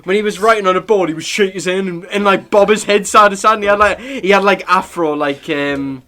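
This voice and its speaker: A man's voice: high-pitched, fairly quick, pushed and bright. A young man with a Sunderland accent chatting casually as a podcast host, rambling through stories, swearing freely and laughing often. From Sunderland, England. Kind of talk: casual chat.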